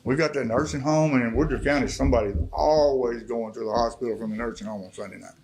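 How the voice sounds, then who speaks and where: A man's voice: mid-range voice, fast, creaky, darkish tone, a little hiss or hum, low-quality recording. A middle-aged man, from Arkansas, telling his life story as a guest speaker in a church service. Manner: folksy storytelling, swelling to impassioned preaching. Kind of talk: testimony sermon.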